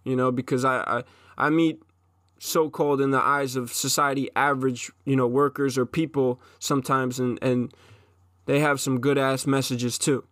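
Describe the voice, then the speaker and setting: A man's voice: medium pitch, flat delivery, moderate pace, fairly bright tone, no echo, studio quality. A man in his twenties gives an intense, profane solo monologue as a podcast host, often restarting his sentences.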